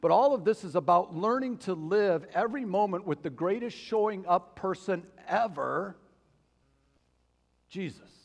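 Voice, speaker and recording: A man's voice: sits high, expressive, unhurried, creaky. A man preaching a sermon as pastor, asking the congregation questions as he goes. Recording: long hall reverb.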